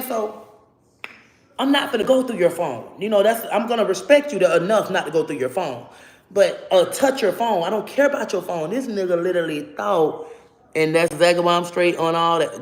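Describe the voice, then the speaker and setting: A woman's voice: lowish voice, a little fast, echoey room. A woman telling a story to her viewers in casual, profane vlog chat. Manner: loud animated storytelling with profanity. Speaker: vlogger.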